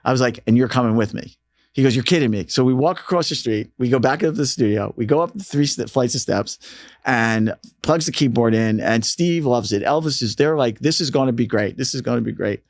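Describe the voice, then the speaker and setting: A man telling stories on an interview, relaxed and conversational, with an average pitch. He slips into the voices of the people he is quoting as he goes. The sound is dry and close, with no room echo. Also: brisk. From United States. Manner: animated storyteller, acts out quoted voices. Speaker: radio programming manager, interview guest. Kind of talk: casual storytelling interview.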